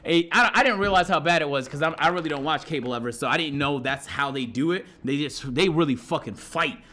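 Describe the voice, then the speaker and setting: A young man streaming live, telling a story to his chat in a profane, excitable way and acting out shouted quotes. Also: on the high side, brisk.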